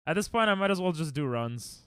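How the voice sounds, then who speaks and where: Lively smooth-voiced male streamer. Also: on the high side, a little fast, dry recording, clean studio sound. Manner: chatty, joking, laughs often, hums along to music. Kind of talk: casual live-stream chat while speedrunning.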